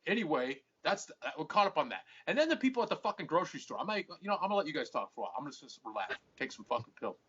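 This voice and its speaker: A man's voice: a little high, big pitch swings, rapid-fire, few pauses, a bit bright, a little hiss or hum. A man hosting a podcast, telling a rambling story full of swearing and acting out both sides of each argument. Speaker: podcast host. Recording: muffled lo-fi podcast audio.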